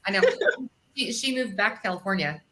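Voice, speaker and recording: A middle-aged woman hosting a podcast, chatty and quick to laugh. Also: medium pitch, expressive, bright, forceful tone. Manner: chatty, laughs easily, restarts often. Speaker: podcast host. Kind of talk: casual chat.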